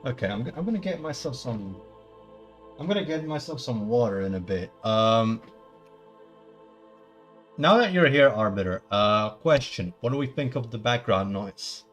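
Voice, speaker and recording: A man's voice: medium pitch, animated, moderate pace, a bit bright, soft background music. A man chatting casually at the start of a live stream, rambling with many stumbling restarts and playful mock-formal asides.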